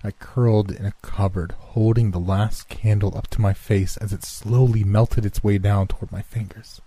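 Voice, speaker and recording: A man reading a horror story aloud in a measured, hushed narration. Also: on the low side, steady tone, slightly rough.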